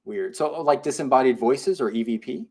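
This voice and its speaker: A man co-hosting a live paranormal podcast in a relaxed, chatty way. He reads out listener messages and answers them in an even, everyday voice. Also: medium pitch, fairly quick, creaky, husky. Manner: reads listener comments aloud and reacts. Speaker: podcast co-host. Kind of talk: casual live podcast chat.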